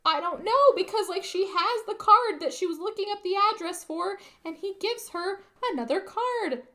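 A woman's voice: very high-pitched, lively intonation, moderate pace, fairly bright tone. A woman co-hosting a podcast, casually retelling a film's plot with lots of "like" and frequent swearing. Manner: swears freely, rambling retelling with many fillers. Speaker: podcast co-host. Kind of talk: casual movie recap.

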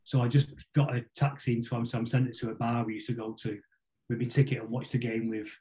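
A man's voice: mid-range voice, level tone, quick pace, warm tone, low-quality recording. A middle-aged man, a podcast guest telling long stories that ramble along with frequent restarts and repeated words. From Salford, England. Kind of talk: casual storytelling interview.

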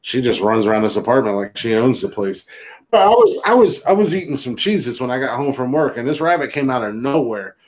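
A man's voice: mid-range voice, lively intonation, a little fast. A middle-aged man co-hosting a casual podcast, boastful and profane, joking and laughing often. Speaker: podcast co-host.

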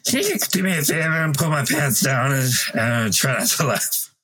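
A man playing a doctor with a wrecked, squeaky, raspy voice in a comedy sketch. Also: expressive, moderate pace, sharp tone. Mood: disgruntled. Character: doctor with a ruined high squeaky voice.

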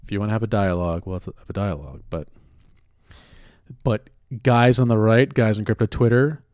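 A man's voice: lowish voice, moderate pace, darkish tone, no room sound, clean studio sound. A man ranting in a casual way, blunt and profane, stopping now and then to question himself. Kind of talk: casual rant.

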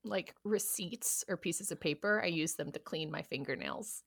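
A woman co-hosting a podcast, chatting casually in an expressive, teasing way with plenty of exclamations. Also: on the low side, normal speed, gravelly, no echo. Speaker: podcast co-host. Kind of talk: casual chat.

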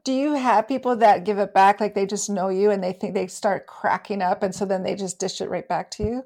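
A woman's voice: medium pitch, fairly even intonation, brisk, vocal fry, a little mellow. A woman co-hosting a podcast, chatting casually and often stammering as she restarts her sentences. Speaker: podcast co-host. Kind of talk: casual chat.

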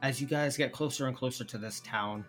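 A man narrating a tabletop role-playing game as game master, chatty and rambling, with soft music behind him. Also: mid-range voice, brisk. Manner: chatty, rambling, restarts sentences.

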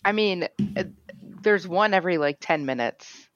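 Expressive low-voiced woman in chat. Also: normal speed, highs cut off, slight background noise. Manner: expressive, playful. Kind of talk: casual chat.

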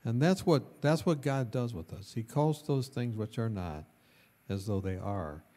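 A male pastor telling a story in a sermon, animated and lively, with bursts of loudness and laughter. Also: mid-range voice, a little slow.

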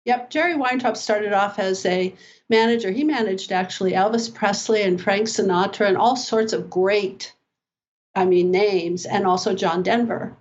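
A woman's voice: mid-range voice, normal speed, dull audio. An older woman, a podcast guest and personal development coach, telling stories in a chatty, rambling way. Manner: chatty, rambling anecdotes with fillers. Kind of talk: animated storytelling in conversation.

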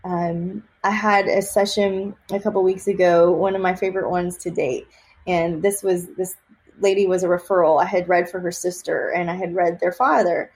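A woman from Texas, a psychic medium, chatting in an interview and telling lively stories with many fillers and laughs. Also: lowish voice, normal speed. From Austin, Texas. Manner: animated storyteller, laughs often, many fillers. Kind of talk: casual interview chat.

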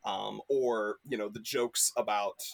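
A man's voice: fairly low pitch, steady tone, unhurried, gravelly. A man chatting as a podcast guest, rambling with lots of fillers and restarts. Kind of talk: casual chat.

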